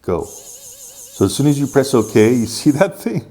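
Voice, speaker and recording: A man's voice: medium pitch, sing-song, unhurried, dark tone. A man casually talking viewers through a gadget review and setup, step by step with enthusiasm. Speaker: tech reviewer.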